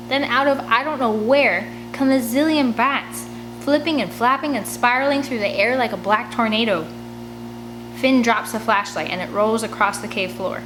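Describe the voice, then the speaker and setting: Brief: woman, expressive read-aloud of a kids' novel, home recording with a steady hum underneath. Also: on the high side, normal speed. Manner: expressive storytelling, chatty asides. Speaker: audiobook reader. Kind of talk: reading a children's chapter book aloud. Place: home room by a large window.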